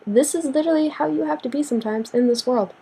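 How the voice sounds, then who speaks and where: A young woman ranting casually to the camera in a sassy, animated way, acting out what people say with big jumps in pitch. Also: fast talker, poor audio. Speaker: vlogger.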